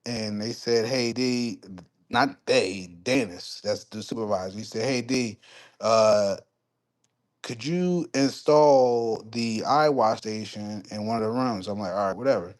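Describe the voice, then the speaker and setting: A man on a live stream casually telling a story and answering chat, swearing freely and getting heated. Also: lowish voice. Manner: profane, heated when retelling conflicts, quick asides to chat.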